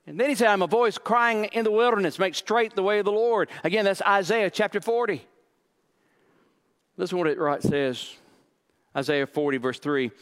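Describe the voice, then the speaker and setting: Middle-aged male pastor, somewhat high pitch, dramatic preaching delivery. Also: moderate pace, fairly bright tone. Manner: dramatic, acts out quoted lines, repeats words. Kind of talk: sermon.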